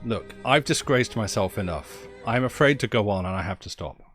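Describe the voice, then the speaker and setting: A man's voice: fairly low pitch, animated, moderate pace, fairly bright tone, soft background music. A British man chatting casually on a game stream, rambling and wry about himself. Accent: British English. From Britain. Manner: rambling, self-deprecating, wry. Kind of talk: casual live-stream chat.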